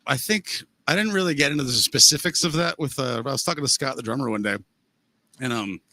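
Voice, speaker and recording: A man's voice: mid-range voice, fairly quick, pushed and bright, dry recording. A man, a touring drummer, chatting as a podcast guest in a laid-back way, swearing often and using many fillers. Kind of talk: casual chat.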